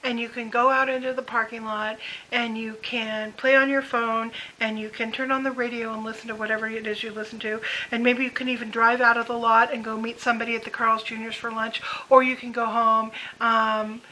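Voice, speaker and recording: A woman's voice: on the high side, flat delivery, brisk, bright, forceful tone, slight background noise, poor audio. A woman in her fifties telling a candid vlog story about caring for her mother, frank, swearing freely and laughing as she rants.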